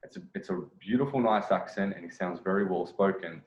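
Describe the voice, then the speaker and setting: Male dating coach talking over a clip, low-ish voice, rambling and self-correcting, lo-fi echoey room sound. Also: brisk, darkish tone. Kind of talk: video commentary.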